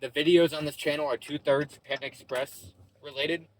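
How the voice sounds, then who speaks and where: A man's voice: a little high, fairly even intonation, moderate pace, a little hiss or hum. A young man vlogging from his parked car in a parking lot, chatting loosely and casually, full of "bro" and "like". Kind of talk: casual rambling vlog chat.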